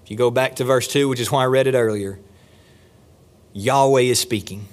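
Man, pastor preaching a sermon, emphatic, climbs high on key points, sinks low and slow for stress, church pulpit. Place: church sanctuary.

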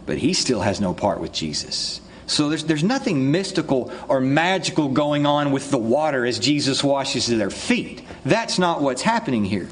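Male pastor, lively expressive delivery, conversational sermon, faint background hiss. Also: on the high side. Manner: conversational, rhetorical questions. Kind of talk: expository sermon.

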